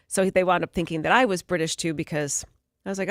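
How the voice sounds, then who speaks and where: A woman co-hosting a morning radio show, chatting in an upbeat, brisk way. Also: on the low side, steady tone, no echo. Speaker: radio co-host. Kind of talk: casual morning radio chat.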